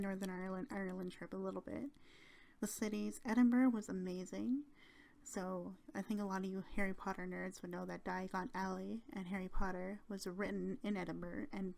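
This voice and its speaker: A woman's voice: mid-range voice, gravelly, a little mellow. A young woman hosting her channel, chatting casually and giggling through travel stories. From Canada. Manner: chatty and giggly, with many fillers. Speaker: channel host.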